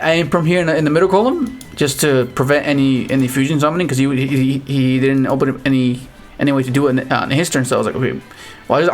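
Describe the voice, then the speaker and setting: A man with a fairly high voice talks through his card game matches in a loose, rambling way, restarting sentences and breaking into excited outbursts. Faint music plays under his voice. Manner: rambling, restarts often, animated exclamations. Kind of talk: casual gameplay commentary.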